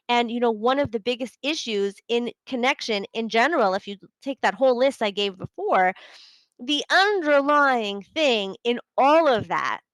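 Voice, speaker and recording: A woman's voice: on the high side, no room sound, rough recording. Chatty woman coach, many fillers. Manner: chatty, many fillers, acts out quoted inner thoughts. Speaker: podcast host and relationship coach. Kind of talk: casual live coaching talk.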